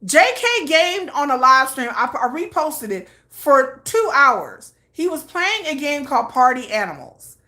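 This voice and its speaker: A middle-aged woman hosting a casual K-pop news chat, chatty and excitable, often slipping into quick acted quotes. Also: high-pitched.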